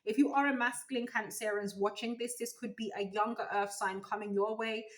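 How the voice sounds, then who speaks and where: Expressive woman doing a tarot reading. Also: a little high, a little fast, rough recording. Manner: animated, musing aloud, breaks into sung gospel snippets. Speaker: tarot reader.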